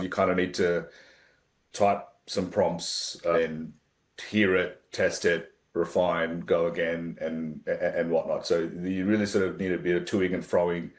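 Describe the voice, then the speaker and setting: Aussie guy with a really low voice, stop-start explaining, roomy echo around him. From Australia. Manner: hesitant, explains with many fillers and restarts. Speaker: guest presenting an AI platform. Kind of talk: casual video-call demo.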